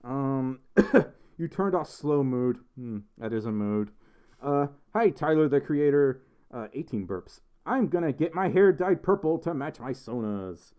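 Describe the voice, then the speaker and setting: A man's voice: medium pitch, very animated, a little slow, mellow, clear, resonant tone. A man with a slight Southern accent from Mississippi, chatting casually on a livestream and reading out chat comments, rambling and self-deprecating with lots of fillers. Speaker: livestream host.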